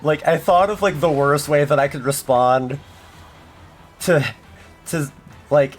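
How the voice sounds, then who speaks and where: Guy streaming a game, talks real slow and rambly, awkward self-deprecating chat, quiet game music in the back. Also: on the high side. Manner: rambling, self-deprecating, lots of fillers and restarts. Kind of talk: casual gaming stream chat.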